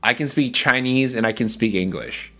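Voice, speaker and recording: A man's voice: medium pitch, moderate pace, bright, forceful tone, soft background music. A man streaming casually, talking enthusiastically about food and greeting his chat. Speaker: VTuber streamer.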